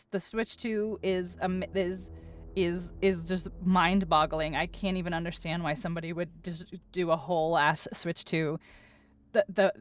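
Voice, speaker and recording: A woman streamer in casual live-stream chat, flustered and overwhelmed, gushing thanks to her viewers and tripping over her words, close to tears. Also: mid-range voice.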